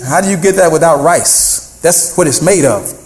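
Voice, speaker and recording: Male pastor, fairly high voice, lively call-and-response sermon, reverberant church sound. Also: moderate pace, a little hiss or hum. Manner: animated preaching with call-and-response and sung phrases. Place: church sanctuary. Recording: echoey church room.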